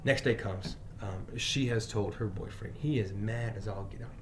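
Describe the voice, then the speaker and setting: A man's voice: fairly low pitch, normal speed, background noise. Emphatic male teacher telling a story. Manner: emphatic, swings between loud bursts and quiet asides; frequent fillers and restarts. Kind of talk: personal storytelling monologue.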